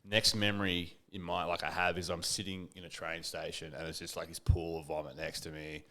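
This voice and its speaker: This is a man with a deep, low voice, chatting on a podcast. He tells a story in a loose, rambling way, with many "like" fillers. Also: flat delivery, brisk, sharp tone. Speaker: podcast guest. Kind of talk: casual chat, telling a story.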